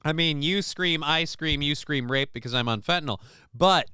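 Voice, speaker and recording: A man's voice: on the high side, moderate pace, pushed and bright, smooth, no room sound, studio quality. A man hosting a live-stream show, reading chat messages aloud and riffing with crude, sarcastic, rambling commentary.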